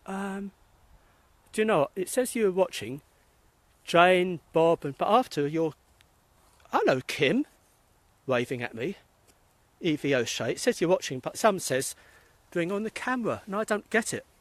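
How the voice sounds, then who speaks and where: A middle-aged British man rambles cheerfully into a handheld phone while strolling outdoors. His voice sits a little high for a man, and he drifts from anecdote to anecdote, calling out viewers by name. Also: expressive, moderate pace, no echo. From England. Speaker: spiritualist medium vlogger. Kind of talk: casual live-stream chat. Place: outdoors in a cemetery. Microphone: phone held while walking.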